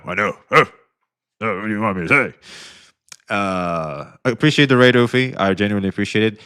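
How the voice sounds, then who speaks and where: A man's voice: lowish voice, bright, forceful tone. A man streaming live, casually reacting to a clip, laid-back, swearing and laughing a lot.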